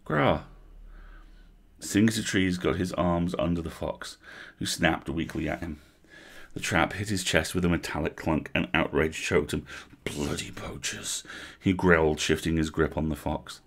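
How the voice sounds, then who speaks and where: A man reading a storybook aloud on a livestream, with vivid, animated narration. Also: extremely low pitch, normal speed. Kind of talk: expressive book reading.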